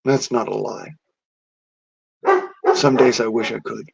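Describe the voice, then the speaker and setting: A man's voice: mid-range voice, steady tone, slow pace, gravelly, a little hiss or hum. A man delivering a defiant, boastful rant to camera, swearing heavily. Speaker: vlogger. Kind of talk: profane angry rant. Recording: dull lo-fi audio.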